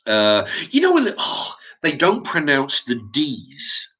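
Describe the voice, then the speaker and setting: A middle-aged man with an English accent, talking in a halting, rambling monologue to his channel's viewers, often stumbling and repeating his words. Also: on the high side, wildly swooping pitch, bright, forceful tone. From England. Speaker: YouTube channel host.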